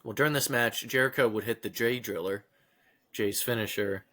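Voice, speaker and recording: A man's voice: mid-range voice, moderate pace, pushed and bright. A man hosting a casual podcast chat, running the rundown and steering his co-hosts. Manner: runs the rundown, steers the others. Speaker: podcast host leading the segments.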